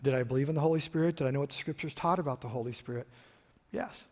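A middle-aged man preaching a sermon, telling stories and switching between loud emphasis and quiet asides. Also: medium pitch, racing. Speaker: pastor. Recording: long hall reverb.

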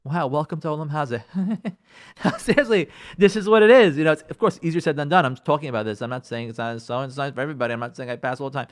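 Earnest rabbi, higher-pitched man. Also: fast talker. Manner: earnest, lively, repeats phrases for emphasis. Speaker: rabbi giving marriage advice. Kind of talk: radio talk on marriage.

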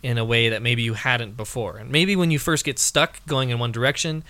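A man's voice: medium pitch, steady tone, fairly quick, bright, forceful tone, no echo. A man co-hosting a casual video game discussion, talking in a hesitant way with many fillers and restarts.

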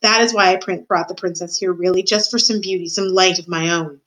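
A woman's voice: fairly low pitch, steady tone, brisk, a bit bright, close to an everyday voice. A woman voicing a sad, lonely male rat in a storybook reading, speaking mournfully.

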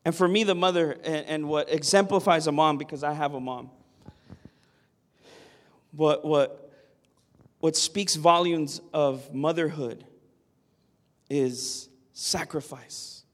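A man's voice: a little high, slow, long pauses. A man preaching a sermon, earnest and emphatic, often asking the listeners "Amen?". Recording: long hall reverb.

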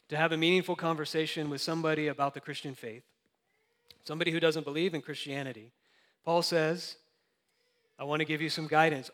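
A man's voice: fairly high pitch, a bit bright, long reverb tail. A young adult man preaching a sermon, earnest and conversational with light laughs. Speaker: pastor.

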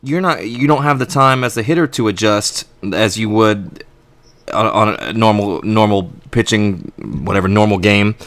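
A man's voice: fairly low pitch, moderate pace, a bit bright, no room sound. A man co-hosting a podcast in casual chat, rambling and opinionated with many restarts. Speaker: podcast co-host.

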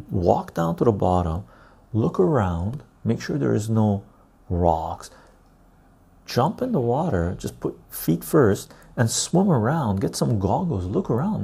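Husky low-voiced guy rambling casually on his live stream, reads chat, keeps saying "right?". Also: dark tone. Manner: loose and chatty, reads the chat aloud, says "right?" often.

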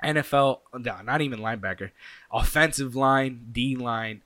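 Young man, casual storytelling, animated, does the voices of people in the story, bright forward voice, dry sound. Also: mid-range voice, moderate pace, no room sound. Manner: animated, acts out quoted people with sound effects. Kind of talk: casual personal anecdote.

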